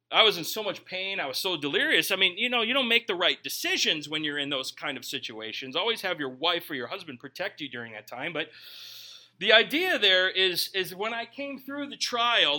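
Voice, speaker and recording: A man's voice: fairly high pitch, pushed and bright. A young man preaching a conversational sermon, reading scripture and then telling stories with joking asides. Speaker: pastor.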